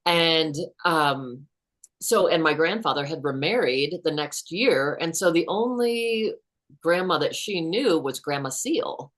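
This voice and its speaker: A woman in her fifties with a notably low voice tells a personal story as a guest author. She speaks in an earnest, unhurried way. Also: lively intonation.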